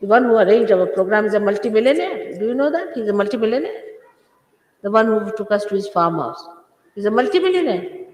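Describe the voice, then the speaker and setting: A woman's voice: medium pitch, very animated, a little fast, a little mellow. An older woman, a spiritual teacher, giving an informal talk to followers, scolding and emphatic, repeating phrases for stress, recorded on old archive tape. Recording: echoey hall, 1980s archive tape.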